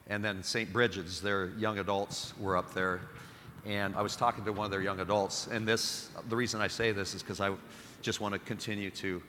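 A middle-aged man, a Catholic priest, preaching a homily with animated, self-deprecating stories. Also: lowish voice, long reverb tail, slight background noise.

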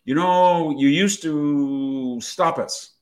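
A man's voice: fairly high pitch, very slow, pitched above the performer's own voice. A man voicing a brash young woman agent with a Valley Girl accent, breezy and calling everyone "man". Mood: pointed. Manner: breezy, says "man" a lot.

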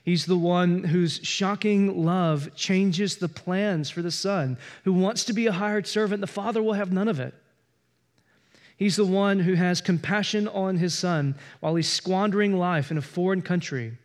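Earnest pastor preaching, higher-pitched man. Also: a little slow. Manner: earnest, swings from loud to hushed. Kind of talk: sermon. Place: church.

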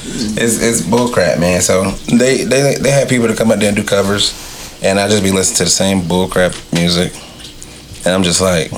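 A man in casual podcast chat, telling stories in a blunt, profane, animated way. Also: low-pitched, normal speed, a little hiss or hum. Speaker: podcast co-host.

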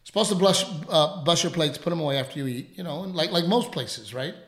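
A radio host telling a story in casual chat, rambling and animated, with plenty of fillers. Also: male voice, fairly high pitch, fairly quick, roomy sound.

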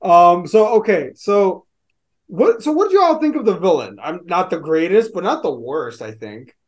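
A man's voice: high voice, sing-song, moderate pace. A man co-hosting a casual podcast chat, talking animatedly and swearing freely. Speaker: podcast co-host.

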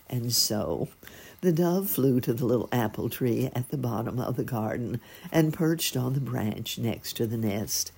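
A woman reading a children's story aloud in a gentle, expressive storytelling manner. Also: rumbling low, unhurried, creaky, husky.

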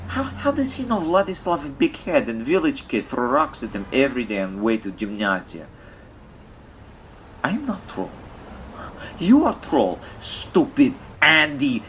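A distraught Russian man rants in broken English, as a man puts on the voice and accent. His voice sits well above an ordinary male register and lurches up and down in pitch. It stays whiny and aggrieved throughout, and a faint noise hums behind it. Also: big pitch swings, slow pace, a bit bright, exaggerated voice. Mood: indignant. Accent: put-on Russian. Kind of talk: comedic character monologue.

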